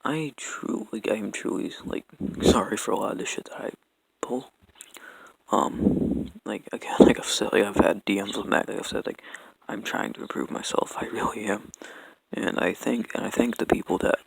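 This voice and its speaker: Young man, heavy vocal fry, lowish voice, halting, keeps restarting, rambling apology monologue. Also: steady tone, no echo, whispered, poor audio. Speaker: vlogger.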